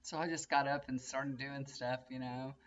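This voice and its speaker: A woman's voice: a bass voice, fairly even intonation, normal speed, lo-fi sound, slight background noise. An older woman, chatting casually to camera from her bedroom in a rambling, storytelling way. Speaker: tarot reader and vlogger. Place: bedroom at home, indoors.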